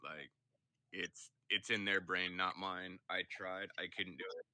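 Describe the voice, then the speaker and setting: A man's voice: low-pitched, steady tone, a little slow, bright, forceful tone, no echo. A young man streaming, chatting casually and telling rambling, profane stories. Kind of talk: casual chat.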